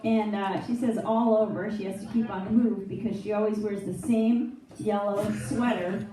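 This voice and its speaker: A woman's voice: medium pitch, steady tone, moderate pace, a crowd in the background. A woman emcee giving an upbeat build-up to the next comedian. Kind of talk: introducing a comedian. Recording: echoey club audio from far off, clear noise.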